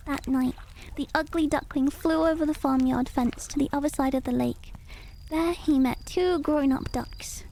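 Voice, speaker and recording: A woman's voice: high voice, fairly even intonation, moderate pace, mellow, a little hiss or hum. A woman reading children's stories aloud on a stream, playful, with chatty asides. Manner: playful, chatty asides and laughs between lines. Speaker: storyteller.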